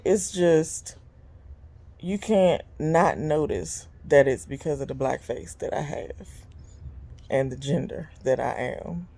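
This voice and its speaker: A woman in her fifties, hosting her own vlog, vents in a blunt, casual monologue. She is animated and exasperated, with sudden leaps in pitch and occasional laughs. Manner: animated and exasperated, big jumps in pitch when quoting people; blunt and conversational, with frequent laughs. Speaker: vlog host and business owner.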